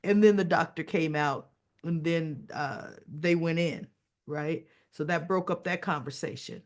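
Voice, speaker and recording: A woman's voice: deep voice, a little slow. A woman giving a casual recap of a soap opera episode, retelling the scenes and quoting each character in turn.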